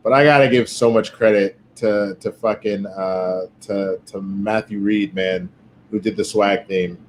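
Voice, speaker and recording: Profane, animated man telling stories. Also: fairly low pitch, measured pace, a little hiss or hum. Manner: profane, animated storytelling with quoted voices. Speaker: guest. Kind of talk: casual podcast chat.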